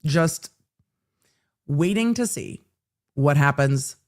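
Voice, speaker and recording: A woman's voice: deep voice, lively intonation, slow pace. A woman hosting a casual livestream, recapping a court day in a chatty, conversational way with wry asides. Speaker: legal commentary host. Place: home.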